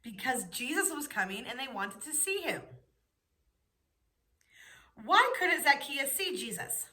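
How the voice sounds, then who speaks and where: Bright, high-voiced woman teaching preschoolers. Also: sing-song. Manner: slow, patient question-and-answer prompting. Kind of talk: teaching young children.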